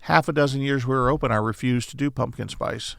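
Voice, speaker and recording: Gravelly middle-aged male guest. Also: mid-range voice, brisk, no echo, studio quality. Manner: relaxed, rambling storyteller. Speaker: guest, coffee shop owner. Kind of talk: casual chat.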